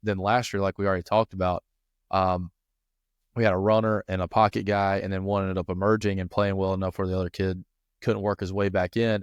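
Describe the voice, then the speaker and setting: A man's voice: deep voice, smooth, no echo. A man, co-hosting a football coaching podcast in a casual chat, rambling through stories with plenty of restarts and fillers.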